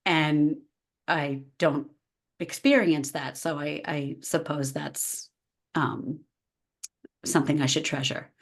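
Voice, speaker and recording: Chatty woman guest, lively storytelling. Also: low voice, slow, pauses often. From United States. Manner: animated, acts out quoted dialogue. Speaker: podcast guest, life coach. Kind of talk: casual conversation.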